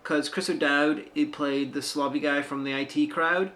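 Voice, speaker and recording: A man co-hosting a film review show in casual chat, dry and halting with asides. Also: fairly high pitch, fairly even intonation, pushed and bright.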